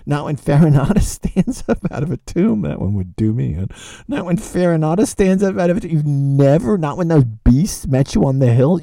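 A male lecturer speaks in a very dark, mellow voice. His pitch swings widely as he fires off rhetorical questions and repeats phrases for emphasis. The recording is dry and close, with no room sound. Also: gravelly, no room sound. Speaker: literature lecturer.

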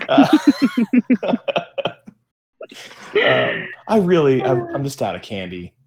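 A man's voice: medium pitch, sing-song, slow. A man in his thirties in a casual chat, rambling and self-mocking.

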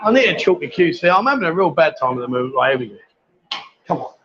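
A man's voice: on the high side, very animated, fast, a bit bright. A man hosting a casual livestream from a busy bar, chatty and teasing, calling everyone darling. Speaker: livestream host. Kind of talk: casual live bar banter. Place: busy bar with pool table. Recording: dull lo-fi livestream audio. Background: bar crowd chatter.

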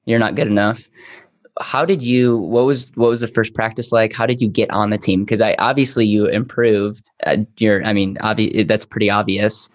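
A man hosting an interview, asking curious questions with halting restarts. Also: fairly low pitch, steady tone, no room sound, dull audio. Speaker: podcast interviewer.

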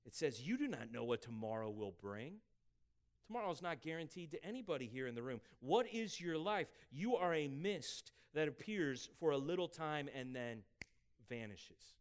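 A man preaching a sermon as pastor, emphatic and rising for scripture, dropping quiet for asides. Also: a little high, sing-song, normal speed. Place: church sanctuary.

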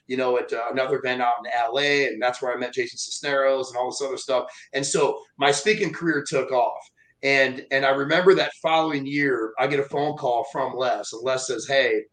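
This motivational speaker, a man of medium pitch, recounts a story conversationally and animatedly, performing the voices of the characters. The recording sounds rough.

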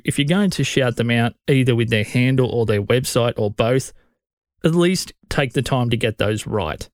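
An Australian man hosting his own podcast, talking bluntly and casually. His voice sits at a middle pitch. It is recorded dry and close to the mic, with no room sound. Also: no echo. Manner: blunt, conversational, opinionated. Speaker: podcast host. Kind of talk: solo podcast advice.

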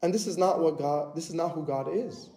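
Male preacher, high and mellow voice, earnest repetitive sermon delivery, echoey church. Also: fairly quick, slight background noise.

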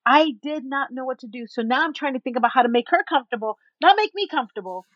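A woman guest in an interview, telling a story in an animated way and acting out the people in it. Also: high-pitched, fast, dry recording, lo-fi sound. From Texas. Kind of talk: storytelling in a conversation.

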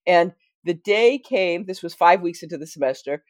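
A woman's voice: on the low side, animated, moderate pace, dry recording, studio quality. A middle-aged American woman, a historian, telling a self-deprecating story in a casual interview. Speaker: guest historian. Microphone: wearing headphones at a mic.

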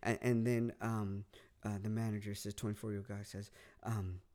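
A man's voice: fairly low pitch, little pitch movement, moderate pace, darkish tone. A man from California, a comedian telling a long rambling story on a casual podcast, restarting and repeating his words. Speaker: comedian guest.

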